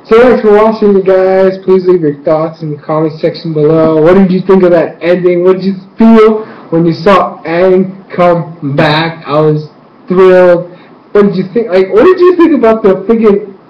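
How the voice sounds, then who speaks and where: A man giving a rambling, gushing recap of a cartoon episode, excitable and casual. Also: sits high. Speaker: fan reviewer. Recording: roomy, dull lo-fi home recording with faint noise.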